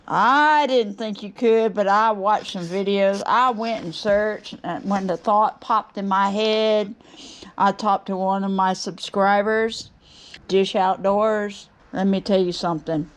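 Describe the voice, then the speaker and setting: Bubbly woman, slow excited drawl. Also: mid-range voice. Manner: bubbly, gushing, excited exclamations. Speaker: woodturning channel host. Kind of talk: casual chat to camera.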